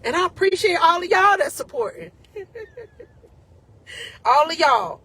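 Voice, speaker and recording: A woman's voice: very high-pitched, sing-song, a little fast, bright, forceful tone, slight background noise. A woman life coach giving an emotional, encouraging faith talk to her viewers, casual and often close to tears.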